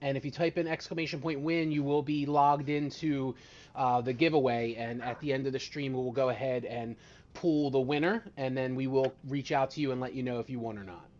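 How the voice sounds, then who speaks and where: A man acting as dungeon master on a live tabletop game stream, chatty and excitable with many fillers. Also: medium pitch, brisk. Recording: dull lo-fi mic.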